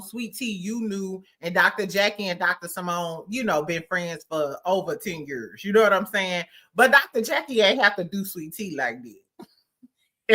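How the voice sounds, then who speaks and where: A woman's voice: medium pitch, expressive, moderate pace, pushed and bright. A woman hosting a casual, slangy recap chat, acting out quotes and laughing often. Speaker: podcast host.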